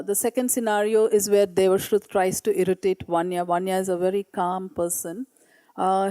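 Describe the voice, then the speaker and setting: The recording is dry as a woman teacher, her mid-range voice warm, shares classroom work in a meeting-room conference presentation. Earnest and a bit unsure, she reads aloud from what her pupils wrote.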